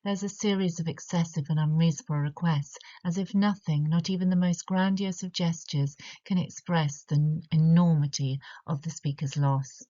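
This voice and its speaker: A woman with a British English accent, giving a measured, explanatory literature lesson and slowing down to stress key words. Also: low-pitched, fairly even intonation, warm tone. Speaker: literature tutor. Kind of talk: recorded poetry analysis lesson. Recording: slightly dull lo-fi audio.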